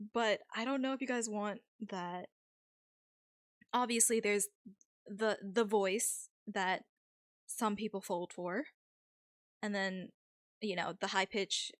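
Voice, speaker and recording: A woman's voice: medium pitch, dry recording, studio quality. A young woman streamer chatting casually with her viewers, rambling with lots of fillers and frequent laughs.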